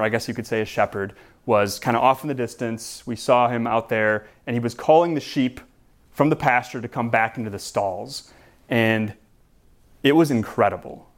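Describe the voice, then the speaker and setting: A man preaching a sermon as pastor, in a relaxed, conversational way with frequent restarts and repeated words. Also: medium pitch.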